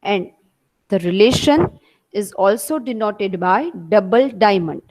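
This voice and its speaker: A woman's voice: mid-range voice, expressive, measured pace, darkish tone, poor audio. A woman teacher with an Indian English accent giving an online class lecture, explaining step by step and repeating her points.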